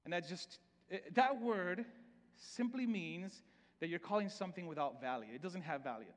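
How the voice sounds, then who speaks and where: A pastor with a Salvadoran Spanish accent delivers a loose, conversational sermon, stumbling over and repeating words as he goes. His voice sits high for a man. It carries a long reverb, as if from a large church hall. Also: lively intonation, normal speed. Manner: repeats words often and restarts, conversational preaching.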